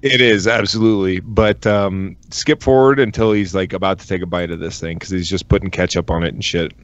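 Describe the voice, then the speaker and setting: A man's voice: sits low, fairly even intonation, highs cut off. A man co-hosting a comedy podcast, joking crudely and teasing his co-hosts. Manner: crude, joking, quick asides. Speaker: podcast co-host. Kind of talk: casual comedy podcast banter.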